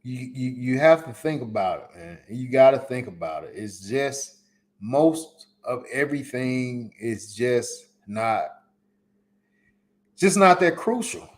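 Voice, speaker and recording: A man's voice: mid-range voice, animated, takes it slowly. A man hosting a solo live podcast, giving emphatic, repetitive advice in casual slang. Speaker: podcast host. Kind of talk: solo live-stream commentary.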